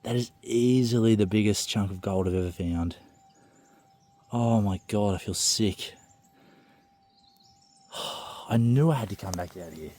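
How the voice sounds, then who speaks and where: Husky low-voiced prospector. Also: male voice, unhurried, long pauses. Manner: hushed, breathy exclamations, keeps voice low. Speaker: gold prospector. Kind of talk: outdoor prospecting vlog. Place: outdoors on the goldfields.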